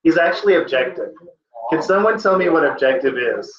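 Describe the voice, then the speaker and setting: A man's voice: a little high, brisk. A man teaching a test-prep class, talking casually and with energy and often saying "like". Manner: casual, animated, lots of "like". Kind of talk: classroom lesson. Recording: echoey classroom, dull lo-fi sound.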